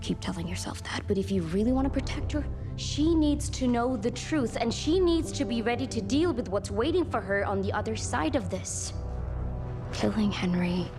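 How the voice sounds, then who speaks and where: Composed, condescending woman in a TV drama; measured delivery, score behind. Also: fairly high pitch. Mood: cold, knowing. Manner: calm, measured, talking down. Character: cool, cryptic woman lecturing a protective father. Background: music score.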